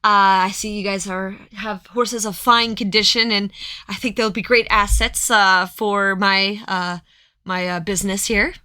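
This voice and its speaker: A woman voicing a pushy, finely dressed gentleman who keeps haggling and wheedling with hesitant fillers. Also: mid-range voice, steady tone, unhurried, clear, resonant tone, no echo.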